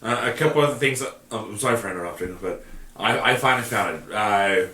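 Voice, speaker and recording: A man's voice: on the low side, fast, sharp tone, echoey room. A man co-hosting a casual hockey podcast, reading off names loosely with many hesitations and the odd swear. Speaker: podcast co-host.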